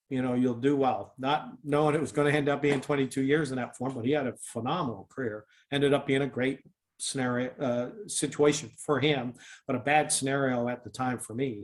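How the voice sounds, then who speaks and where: An older man, a former football kicker, telling a long story in a casual interview, with many restarts and fillers. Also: medium pitch.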